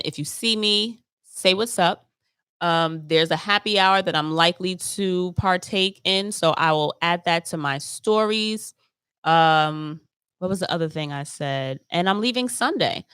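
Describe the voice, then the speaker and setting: A woman's voice: deep voice, a bit bright, smooth, no echo, studio quality. A woman hosting her own travel podcast, chatting casually and loosely, trailing off and picking back up. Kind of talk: casual solo podcast chat. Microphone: close mic, streamed live.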